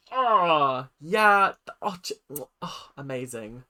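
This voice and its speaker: A young British woman hosting a reaction video, casual, sarcastic and animated, swearing freely. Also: low voice, takes it slowly, few pauses.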